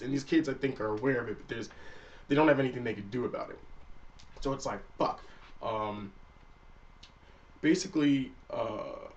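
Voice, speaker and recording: Casting note: male anime-review vlogger, mid-pitched, relaxed and profane, sitting a little far from the mic. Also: muffled recording. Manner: loose and profane, acts out characters' lines. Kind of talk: casual spoken episode recap.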